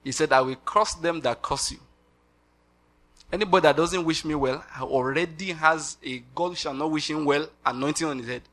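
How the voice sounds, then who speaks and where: Animated Nigerian preacher, bright voice. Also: male voice, fairly high pitch, normal speed. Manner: animated, laughing, pidgin asides. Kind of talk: sermon.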